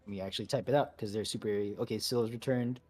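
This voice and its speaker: A man's voice: fairly low pitch, fairly even intonation, fast, a little mellow. A man leading a game raid over voice chat, giving easygoing, chatty instructions with apologetic asides. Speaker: raid leader.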